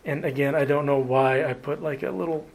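A man preaching a sermon as pastor, earnest, slowing down and lifting his voice to stress key words. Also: a little high, steady tone, creaky, rough recording. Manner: earnest preaching, slows and rises for emphasis, occasional restarts.

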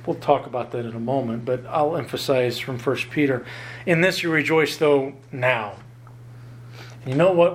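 A man preaching a sermon on a Bible passage, earnest and emphatic, drawing out key words slowly and slipping in light self-deprecating humor. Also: medium pitch, a little mellow, a little hiss or hum.

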